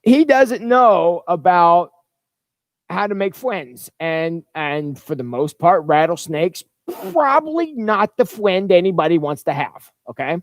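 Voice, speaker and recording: Pastor, male, high-ish voice, dry close sound, informal and rambling with frequent restarts. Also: expressive, a little slow, dry recording. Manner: rambling, chatty, with stumbling restarts. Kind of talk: livestreamed informal Bible-study talk. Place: church.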